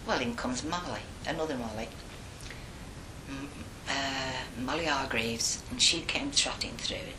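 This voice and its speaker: An older woman telling stories from her past in a chatty, animated way in an echoey room. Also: a bass voice, a little slow, noisy background. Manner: lively, chatty, animated retelling. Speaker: interviewee. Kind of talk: oral history storytelling.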